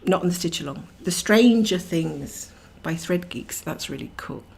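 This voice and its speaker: Casting: woman host, low gravelly voice, rambling relaxed livestream chatter. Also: unhurried. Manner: rambling, chatty, laughs often. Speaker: cross-stitch livestream host. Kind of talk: casual chat while stitching, reading viewer comments.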